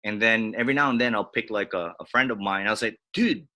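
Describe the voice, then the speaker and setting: A man in casual conversation, telling animated stories and acting out what others said. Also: fast talker. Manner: animated, acts out quotes with big pitch jumps. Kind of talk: casual storytelling chat.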